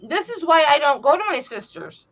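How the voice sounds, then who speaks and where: A high, bright-pitched woman tells a rambling story in a casual chat. She swears freely and acts out what everyone said. The recording sounds dull and lo-fi. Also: very animated, moderate pace. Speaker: host.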